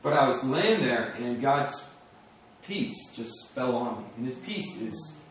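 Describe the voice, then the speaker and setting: A man's voice: medium pitch, expressive, slow, a little hiss or hum. A young man giving an earnest testimony sermon, telling his story and acting out his prayers with laughs. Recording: echoey hall from far off.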